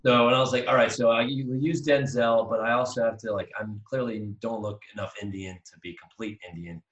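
A man in his thirties, co-hosting a casual podcast, telling a rambling, animated story full of restarts. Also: mid-range voice, brisk, recorded from a distance, lo-fi sound. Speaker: podcast co-host. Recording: echoey room, voice off-mic.

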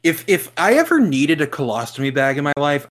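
Lively young man reacting to a movie. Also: a little high, fairly quick. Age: young adult. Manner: excitable, laughs loudly. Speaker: podcast co-host. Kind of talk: casual reaction chat.

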